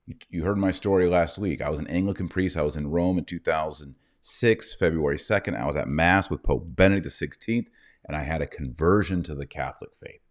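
A man's voice: extremely low pitch, brisk. A middle-aged man hosting a live online show, talking in a mocking, rambling way. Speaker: livestream host. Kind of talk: livestream commentary.

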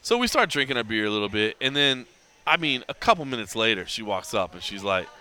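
This podcast host is a middle-aged man whose fairly low voice comes across clear and resonant at a fast clip. Spinning a story in easygoing conversation, he performs the quoted dialogue with lots of "like" thrown in.

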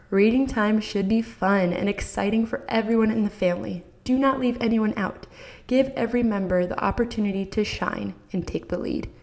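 A woman's voice: mid-range voice, a little mellow. A woman hosting a podcast who gives parents enthusiastic, encouraging advice and speaks straight to the listener. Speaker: podcast host.

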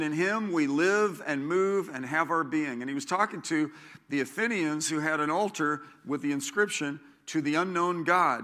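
Bright-voiced emphatic male preacher. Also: on the high side. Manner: emphatic, repeats key phrases for note takers. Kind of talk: sermon.

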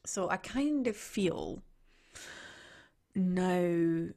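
A woman's voice: fairly low pitch, expressive, extremely slow, noisy background. A middle-aged woman co-hosting a podcast, chatting casually and trailing off into restarts. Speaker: podcast co-host. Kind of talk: casual chat.

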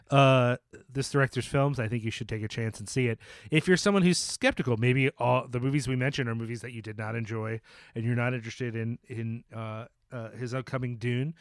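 A man's voice: medium pitch, no echo. Rambling male podcast host, dry close mic. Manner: rambling, many fillers and restarts, jokey. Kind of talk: casual podcast chat.

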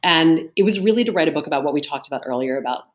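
A middle-aged woman, an auctioneer and author, telling a lively anecdote in an interview over a video call and acting out what people said. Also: sits low, rapid-fire. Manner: lively anecdotal storytelling, acts out quotes. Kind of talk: storytelling interview answer. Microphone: remote video call.

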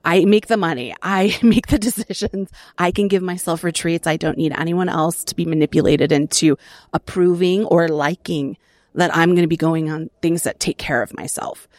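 A middle-aged woman sharing her recovery story in an earnest, reflective way, with soft laughs between phrases. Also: lowish voice, fairly even intonation, moderate pace, dry recording, studio quality. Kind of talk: personal testimony.

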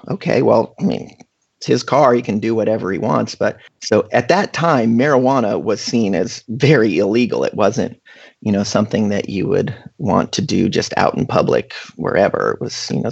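Chatty storyteller, gravelly and husky man, dull lo-fi sound. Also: lowish voice. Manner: animated, chatty, full of fillers. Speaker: guest storyteller. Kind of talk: casual anecdote.

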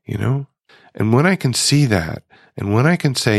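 A man's voice: medium pitch, expressive, moderate pace, gravelly, dry recording, clean studio sound. A middle-aged man hosting a recovery podcast, talking reflectively and putting questions straight to his listeners. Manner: musing, conversational, asks listeners direct questions. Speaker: podcast host. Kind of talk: reflective solo podcast monologue.

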